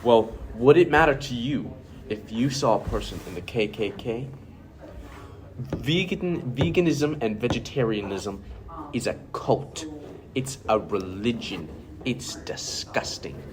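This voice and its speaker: A man's voice: mid-range voice, lively intonation, a little slow, background noise, natural voice. A man playing an arrogant macho male influencer in an amateur comedy skit, ranting bluntly and boastfully. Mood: smug.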